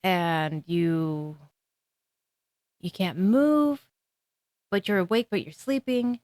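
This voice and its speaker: A woman talks through her own solo podcast in a loose, rambling way, with plenty of ums and little laughs. Her voice sits a bit low for a woman. The sound is close and dry, with no room around it. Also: takes it slowly, a little mellow, dry recording. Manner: rambling, giggly, frequent ums. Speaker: podcast host. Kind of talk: casual solo podcast talk.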